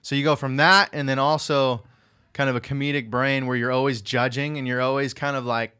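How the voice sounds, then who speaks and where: Bright-voiced, profane man telling stories. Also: mid-range voice, brisk, clean tone. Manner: profane, animated storytelling with acted-out voices. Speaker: electrician and aspiring comedian. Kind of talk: casual chat.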